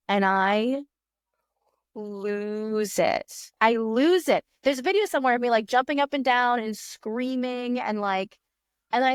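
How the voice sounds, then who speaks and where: A woman in her thirties, a magician guest on a podcast, telling an animated story and acting out her own past thoughts in quick voices. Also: a little high, dry recording, studio quality. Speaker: guest magician and fire eater.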